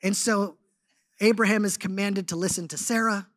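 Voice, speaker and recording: A man giving a sermon as a guest speaker, telling stories in an animated, conversational way with lots of casual fillers. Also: high-pitched, normal speed. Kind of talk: storytelling sermon.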